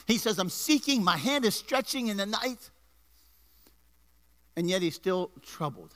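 In a church, a male pastor preaches an energetic sermon to his congregation. His high, bright voice is forceful and rises with emphasis, and he tosses asides and jokes to the people in the pews.

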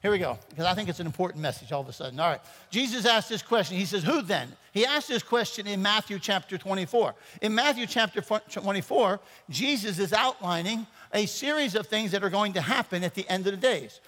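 A man's voice: high voice, expressive, brisk, few pauses, a bit bright. A man preaching a sermon as pastor, playful and rambling, joking with his congregation between points. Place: church sanctuary. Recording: church hall reverb.

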